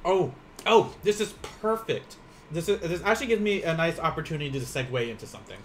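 A man's voice: fairly high pitch, animated, fast talker, a little hiss or hum. Chatty man teaching Japanese. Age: 30s. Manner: chatty, rambling, laughs often, eats while teaching. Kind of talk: casual live-streamed language lesson.

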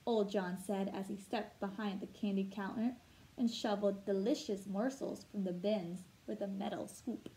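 A woman teacher reading a picture book aloud to children, telling it expressively and pausing to ask them questions. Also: medium pitch, fairly even intonation, warm tone, poor audio.

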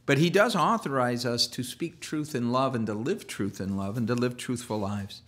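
A man's voice: medium pitch, moderate pace, a bit bright. A man preaching a sermon as a pastor, in a loose conversational way with restarts and playful asides.

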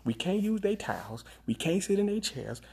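A man ranting for laughs on a live stream, complaining dramatically and repeating a flat "nope.". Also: moderate pace, creaky, breathy edge. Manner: exaggerated, dramatic complaining with big pitch swings. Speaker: comedic vlogger. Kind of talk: comedic rant on a live stream.

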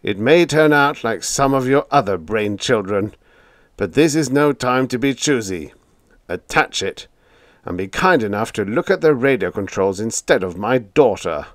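A man voicing a gruff, hot-tempered old spaceship captain who roars and blusters in a radio-play style. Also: mid-range voice, animated, moderate pace, dry recording, studio quality, pitched above the performer's own voice, lightly acted. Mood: caustic. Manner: roaring, blustering.

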